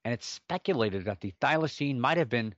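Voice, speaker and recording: A man's voice: mid-range voice, expressive, brisk, fairly bright tone, no echo, highs cut off. A man hosting a solo podcast, rambling casually with self-mocking jokes and sidetracks. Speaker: podcast host.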